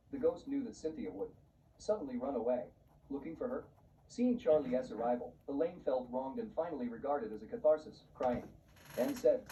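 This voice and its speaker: A man giving a scripted story narration in a flat, even reading voice. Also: mid-range voice, a little fast. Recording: muffled, distant, faint hiss.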